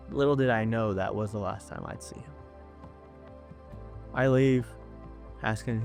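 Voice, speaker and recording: A man's voice: medium pitch, very animated, moderate pace, creaky, pauses often, faint music behind. A man giving a personal faith testimony, earnest and storytelling, acting out the voices of people he quotes. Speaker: testimony speaker.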